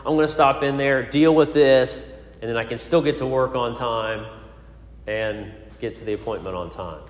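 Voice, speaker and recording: Male preacher, mid-pitched, storytelling sermon with hesitant fillers, roomy echoing sanctuary. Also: moderate pace. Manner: storytelling with frequent fillers and restarts. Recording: echoey hall.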